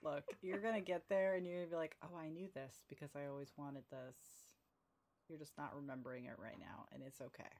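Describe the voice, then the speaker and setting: A woman hosts a casual book-club chat in a lowish voice. She is upbeat and teasing and laughs often with her friends. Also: fairly even intonation, a little fast, a little mellow. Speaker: podcast host.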